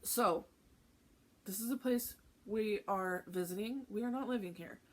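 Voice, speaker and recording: A woman with a teenage son hosts a cross-stitch vlog, chatting casually in a candid, heartfelt way and laughing often. Her mid-range voice is unhurried.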